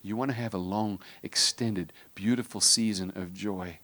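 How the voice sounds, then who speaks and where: A middle-aged man preaching a sermon as a pastor, talking conversationally with jokey asides and dropping to a hushed, intense tone. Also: fairly low pitch, fairly even intonation, normal speed.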